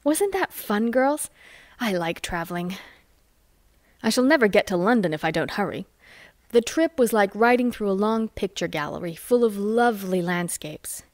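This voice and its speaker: A woman reading a novel chapter aloud with lively, expressive storytelling. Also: medium pitch, moderate pace, dry recording, clean studio sound. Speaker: audiobook reader.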